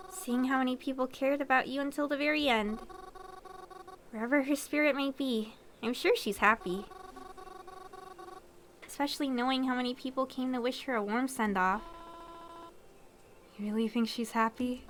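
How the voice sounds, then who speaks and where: A woman's voice: high voice, a little hiss or hum. A woman narrating a voice-acted story and speaking as its kind, comforting heroine. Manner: warm, comforting, gently reassuring. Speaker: storyteller voicing herself as Mary.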